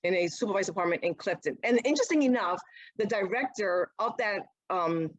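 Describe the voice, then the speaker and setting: Middle-aged woman, interview guest, animated storytelling, dry close sound. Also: medium pitch, fairly quick, no echo, highs cut off. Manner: animated, acts out quoted speech. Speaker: guest, mother of an autistic son.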